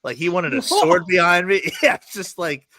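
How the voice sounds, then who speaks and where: A man's voice: sits high, lively intonation, bright, forceful tone, dry recording. A man who is a guest on a podcast, chatting casually and telling profane stories at speed, often laughing. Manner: fast, profane storytelling with bursts of laughter.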